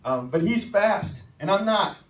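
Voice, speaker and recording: Young pastor guy preaching, kinda high voice, echoey church hall, sounds a bit far off, faint hum behind. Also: lively intonation, a little slow. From American. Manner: storytelling, rising to shouted calls at peaks. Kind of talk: sermon. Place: church sanctuary.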